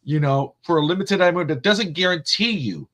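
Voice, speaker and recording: A man co-hosting a sports podcast, telling stories in a loose, animated way and swearing freely. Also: on the high side, moderate pace. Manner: animated, profane storyteller. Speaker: podcast co-host. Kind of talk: casual sports chat.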